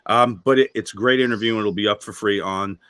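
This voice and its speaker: A man's voice: fairly low pitch, steady tone, fast talker, a bit bright. A man hosting a livestream interview in a joking, casual way, reading viewer comments aloud. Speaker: podcast host.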